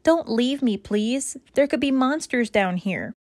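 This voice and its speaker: A woman voicing an excitable young female puppy in a storybook, squealing and eager. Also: a little high, unhurried, no echo, clean studio sound. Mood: scared.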